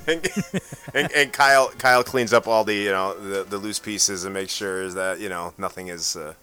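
A man's voice: deep voice, steady tone, moderate pace, sharp tone, faint music behind. A man hosting a casual podcast, chatty and full of restarts as he wraps up the show. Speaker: podcast host.

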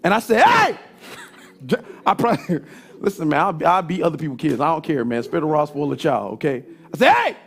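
A middle-aged male pastor, preaching a sermon and telling a story, his husky voice swinging from loud emphasis to soft asides. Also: a little high, quick pace, faint music behind.

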